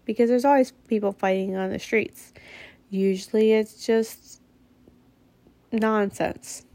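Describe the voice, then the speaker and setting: Woman, mother, casual storytelling, blunt and candid, gravelly voice, dry close sound. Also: a little high, fairly even intonation, slow, mellow, no echo. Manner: candid, blunt, swears freely. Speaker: mother telling a personal story.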